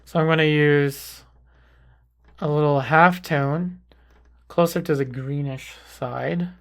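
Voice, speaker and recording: Gravelly-voiced man teaching painting. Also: fairly high pitch. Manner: calm, unhurried, thinking aloud while painting. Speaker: painting instructor. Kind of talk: relaxed painting tutorial narration.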